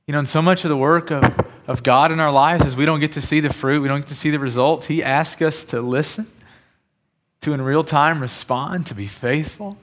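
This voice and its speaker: A pastor with a slightly raised pitch preaches a sermon. He tells everyday stories in a relaxed, chatty way. He leans into his points with emphatic preaching. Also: fairly quick. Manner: conversational storytelling, rising to emphatic preaching.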